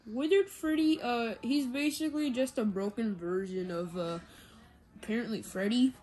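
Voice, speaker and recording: A woman's voice: fairly high pitch, normal speed, darkish tone, close to an everyday voice. A woman voicing a shy tomboy animatronic with floppy ears in a plushie video role-play, hesitant and stammering.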